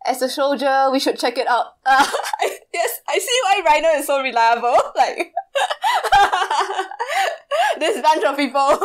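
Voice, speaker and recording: Giggly high-voiced woman commentating a game. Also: normal speed, hardly any pauses. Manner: giggly, laughs often while reacting; puzzled, musing asides. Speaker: let's play commentator.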